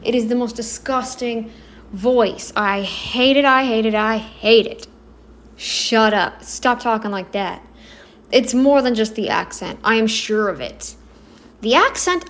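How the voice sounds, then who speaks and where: A woman giving casual reaction commentary, halting and self-correcting, blunt and exasperated in her opinions. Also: a little high, lively intonation. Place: home, kneeling then seated.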